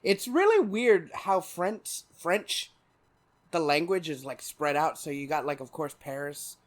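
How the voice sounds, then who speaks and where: A man with a slightly higher voice, co-hosting a casual podcast. He laughs often and keeps chiming in with jokes and quick asides. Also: lively intonation. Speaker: podcast co-host. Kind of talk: casual chat.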